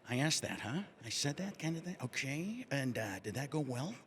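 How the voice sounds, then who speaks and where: A man's voice: medium pitch, very animated, normal speed, fairly bright tone, a little hiss or hum. A man impersonating a vague middle-aged male actor who hesitantly repeats questions back. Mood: puzzled.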